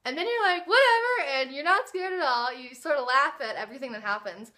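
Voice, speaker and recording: A young woman vlogger chatting casually and excitably to her viewers, gushing about her favourite shows. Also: high-pitched, quick pace. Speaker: book and TV vlogger. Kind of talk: casual vlog chat.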